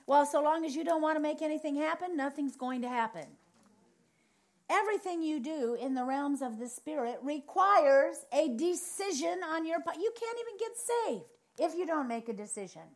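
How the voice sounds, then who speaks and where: A woman preaching a charismatic sermon, telling lively stories and repeating phrases for emphasis. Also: sits high, normal speed. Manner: animated storytelling, acts out other people's reactions.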